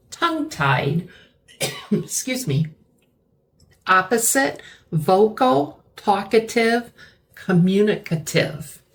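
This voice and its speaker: A woman teaching English vocabulary, explaining words slowly and repeating key terms. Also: medium pitch. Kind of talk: slow classroom-style vocabulary lesson.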